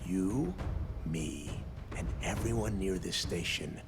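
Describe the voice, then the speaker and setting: A gravelly defiant pirate captain. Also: male voice, deep voice, takes it slowly. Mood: scornful. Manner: taunting, theatrical. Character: defiant male pirate captain, proud and taunting. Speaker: game character. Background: game music.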